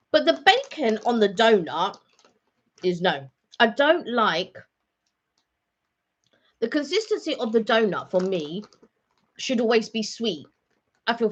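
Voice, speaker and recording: A woman's voice: a little high, fairly bright tone. A woman co-hosting a casual live-stream vlog chat, rambling and chatty with plenty of ums and restarts. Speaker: vlog co-host. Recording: dull lo-fi home stream audio.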